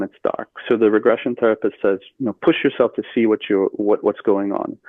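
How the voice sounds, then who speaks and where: A man telling a personal story as a podcast guest, earnest and steady with fillers. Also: lowish voice, no room sound. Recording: tinny phone-like line, dry.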